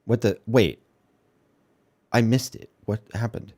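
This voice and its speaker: A man's voice: on the low side, slow, a little mellow, no room sound. A man streaming, reacting in offhand, profane asides to chat and a video. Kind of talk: casual stream commentary.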